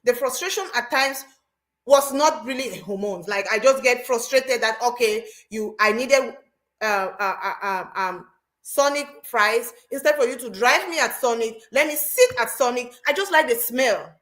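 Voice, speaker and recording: Woman hosting, fairly high pitch, lively storyteller who repeats phrases. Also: normal speed. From Cameroon. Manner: animated storytelling, repeats herself. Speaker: host. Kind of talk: casual chat.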